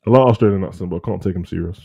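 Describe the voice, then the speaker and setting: Slangy man with a mellow voice. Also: deep voice, rapid-fire, vocal fry, husky, lo-fi sound. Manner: slangy, rambling, animated rants. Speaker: co-host. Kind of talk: casual live chat.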